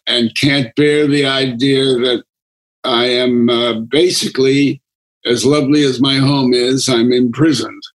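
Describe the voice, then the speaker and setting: A man in his nineties, a guest speaking from his home, unhurried and wry with soft chuckles. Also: mid-range voice, poor audio. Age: 90s. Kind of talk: relaxed conversation.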